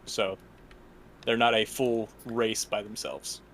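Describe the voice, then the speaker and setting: A man's voice: fairly low pitch, level tone, slow pace, a bit bright, slight background noise. A man co-hosting a casual podcast, explaining things hesitantly with many fillers. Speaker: podcast co-host. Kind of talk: casual chat.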